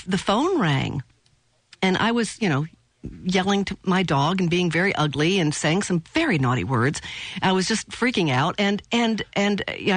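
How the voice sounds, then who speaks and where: A woman guest on a radio interview show, telling a personal story in a lively way and acting out the voices she quotes. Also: low-pitched, no echo. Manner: animated storyteller, acts out quoted voices, laughs easily. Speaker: guest, business owner.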